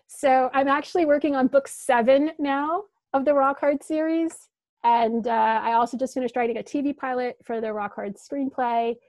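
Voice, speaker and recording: A woman's voice: fairly high pitch, creaky, a little mellow, no echo. A woman author reading a dramatic first-person passage from her novel aloud, voicing the dialogue with feeling.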